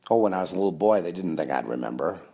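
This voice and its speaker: Man, very deep voice, rambling sarcastic monologue, mocking tone. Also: lively intonation, racing, creaky, dark tone, husky. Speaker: conspiracy video host.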